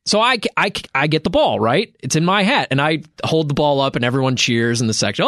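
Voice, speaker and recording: A man's voice: medium pitch, animated, fast talker, few pauses, a bit bright, no echo, clean studio sound. A man co-hosting a podcast, telling a story in casual chat and acting out the other people in it. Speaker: podcast co-host.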